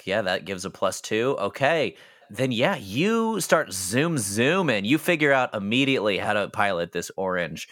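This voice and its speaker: Lively, laid-back game master man. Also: fairly low pitch, normal speed. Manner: relaxed, laughing, loose. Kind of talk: running a tabletop game.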